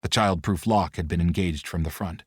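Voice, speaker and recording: A man giving steady, expressive scripted audiobook narration. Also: deep voice, moderate pace, breathy edge, no room sound, clean studio sound.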